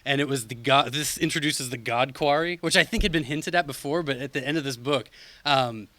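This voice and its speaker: A man's voice: mid-range voice, brisk, pushed and bright, no room sound. A man co-hosting a podcast, rambling through a comic recap with lots of fillers and laughs. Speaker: podcast co-host. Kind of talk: casual chat recapping comics.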